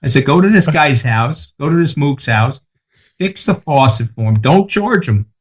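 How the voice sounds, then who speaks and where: A man's voice: a little high, animated, moderate pace, husky. A man in his sixties with a Long Island accent, telling stories as a podcast guest in a brash, emphatic way and swearing freely. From Long Island, New York. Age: 60s. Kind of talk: casual podcast chat.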